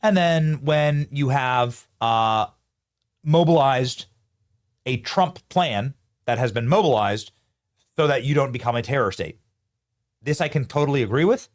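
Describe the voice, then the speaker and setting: A man's voice: medium pitch, expressive, measured pace, long pauses. A man hosting a live political commentary show, riffing animatedly and talking to his producers and chat.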